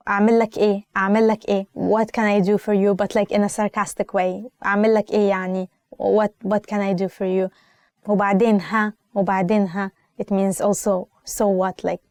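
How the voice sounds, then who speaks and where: A woman's voice: mid-range voice, darkish tone, no room sound, clean studio sound. A young woman with an Egyptian accent teaching spoken phrases in a casual lesson, repeating each phrase and explaining it with many "uh" fillers. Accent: Egyptian Arabic. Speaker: language teacher.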